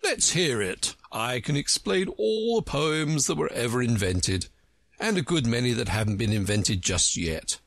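A man's voice: medium pitch, a little slow, vocal fry, dry recording, exaggerated voice. A man doing a pompous, scornful know-it-all. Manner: pompous, contemptuous, lively lilting delivery. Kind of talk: storybook reading.

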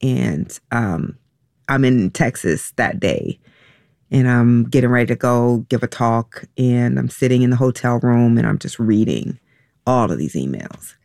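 A middle-aged woman speaks with a gravelly, creaky edge to her voice as she recounts a painful personal story. She talks haltingly and emotionally, restarting often, and the sound is dry and close to the mic. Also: a bass voice, a little mellow, no room sound. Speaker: interview guest.

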